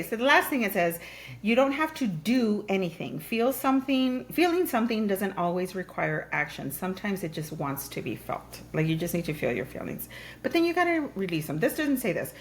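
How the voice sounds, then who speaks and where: Speaking at a normal speed in a mid-range voice, a woman hosting a podcast shares stories with animated energy. She's blunt, casual, and quick to laugh.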